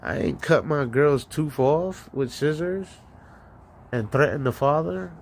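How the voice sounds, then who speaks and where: A man's voice: fairly high pitch, expressive, unhurried, vocal fry, a little hiss or hum. A man from New York hosting a live stream, ranting profanely and telling stories, stammering through restarts. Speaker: solo live-stream host. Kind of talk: ranting monologue.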